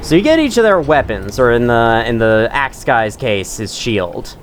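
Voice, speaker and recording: A man in his own gaming channel's let's-play commentary, rambling and poking fun at himself as he plays. His voice sits at an ordinary middle pitch. A faint hiss of noise runs under the recording. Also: very animated, normal speed. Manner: rambling, self-mocking, chuckles to himself.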